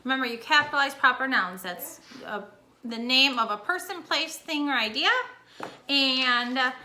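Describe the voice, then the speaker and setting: High, bright-voiced teacher explaining step by step. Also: female voice, moderate pace. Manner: explains step by step, casual and chatty. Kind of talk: recorded home lesson for students.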